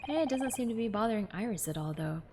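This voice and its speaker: A woman's voice: a little high, animated, fast talker, background noise. A woman streamer playing through a game, reading its lines aloud with chatty, playful asides. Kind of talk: playthrough with read dialogue. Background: background music.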